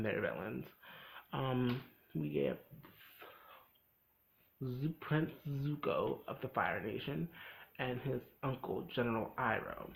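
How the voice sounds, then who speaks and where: Young guy recapping a cartoon, gravelly voice, lots of "like" and "you know". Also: mid-range voice, poor audio. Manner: rambling, full of "like" and "you know", quick acted quotes. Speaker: video host recapping a cartoon episode. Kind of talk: casual recap vlog.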